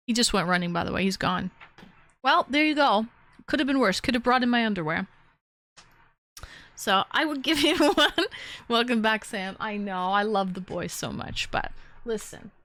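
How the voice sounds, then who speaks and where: A woman streamer chatting casually with her live chat, who switches to a high cooing baby voice when she talks to her dogs. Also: lively intonation, moderate pace, pauses often, fairly bright tone, dry recording.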